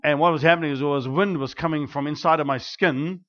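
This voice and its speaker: A man's voice: fairly high pitch, a little fast. Preacher man, dull lo-fi sound. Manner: animated storytelling with many restarts and fillers. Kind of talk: prayer and sermon storytelling. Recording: dull lo-fi recording.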